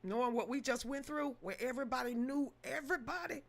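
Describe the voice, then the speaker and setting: Her voice is high and gravelly, and she talks briskly. She's hosting a live news commentary stream, cursing and emotional, stammering over repeated words and welcoming chat viewers by name.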